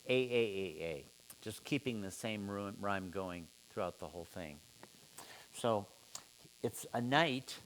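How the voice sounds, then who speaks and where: A man teaching a relaxed seminar at an unhurried pace, with a voice that sits on the low side. He muses aloud and keeps stopping to ask his class questions, and a faint hum runs underneath. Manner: relaxed, musing, asks students questions. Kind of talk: informal literature seminar.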